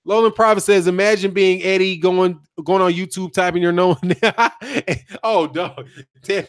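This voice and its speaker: Hosting a boxing channel live stream, a man from the United States reads out chat messages and riffs in slang, laughing frequently and going over the same points again. His high voice is smooth and unhurried, captured in studio quality with no room sound.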